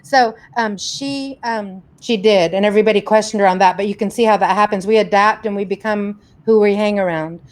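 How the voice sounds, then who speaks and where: Hosting a casual live stream, a woman warmly greets viewers by name and reads out their questions in a chatty, rambling way. Her voice is mid-range, and she talks fairly quickly with hardly any pauses.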